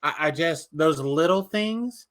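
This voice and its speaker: Bright, animated man talking wrestling. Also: on the high side, slow pace. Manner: animated and opinionated, swears freely. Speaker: podcast co-host. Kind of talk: casual wrestling recap chat.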